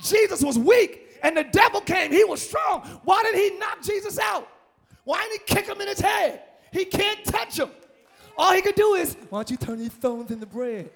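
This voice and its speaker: A male pastor preaching a fiery, shouted sermon at a live church service, calling out for responses from the congregation. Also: very high voice, normal speed, vocal fry.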